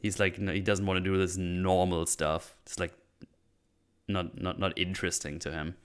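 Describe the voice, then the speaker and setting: A man hosting a casual movie podcast, laughing often and acting out scenes in quick silly voices. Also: deep voice, little pitch movement, clear, resonant tone. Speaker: podcast host. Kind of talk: casual movie-review chat.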